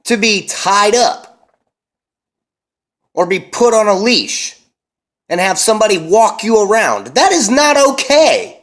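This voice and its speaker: A young man and parent delivering a heated, emphatic monologue, cursing often and slowing down to hammer his points. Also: high voice, lively intonation, a bit bright. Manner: intense, emphatic, heavy cursing, slows to hammer key words. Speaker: vlogger and parent.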